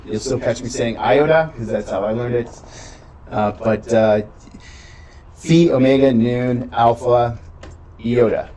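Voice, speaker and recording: A man's voice: mid-range voice, fairly even intonation, unhurried, long pauses, mellow, poor audio. A man teaching a beginning Greek class, explaining patiently and checking in with "right?" often. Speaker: Greek instructor. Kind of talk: classroom lecture.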